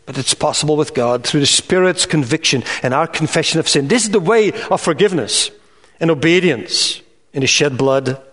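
Earnest preacher in a reverberant hall. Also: male voice, a little high, expressive, a bit bright. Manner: earnest, measured preaching with emphatic rises. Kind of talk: sermon.

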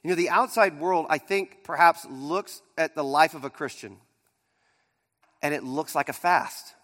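A male pastor preaching a sermon, swinging between loud emphasis and near-quiet asides. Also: on the high side, a little slow. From Pittsburgh area. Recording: long hall reverb.

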